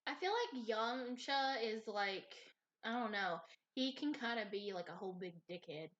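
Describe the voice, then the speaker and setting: A woman's voice: a little high, lively intonation, normal speed, fairly bright tone. A young woman co-hosting a podcast in casual, profane chat, full of fillers and giggles. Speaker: podcast co-host. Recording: dull lo-fi sound.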